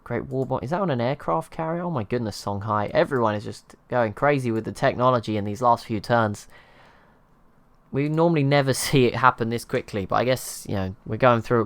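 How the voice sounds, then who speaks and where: On his gaming channel, a man with a mid-range voice rambles casually over strategy gameplay at a moderate pace. He's self-deprecating and chuckles at himself, and the recording is dry.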